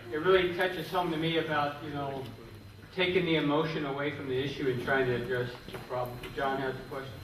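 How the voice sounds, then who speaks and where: A man's voice: fairly high pitch, steady tone, fast talker, background noise. A man moderating a symposium session, thanking the speaker and handing over to questions in an easygoing way. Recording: echoey room, far mic, loud crowd.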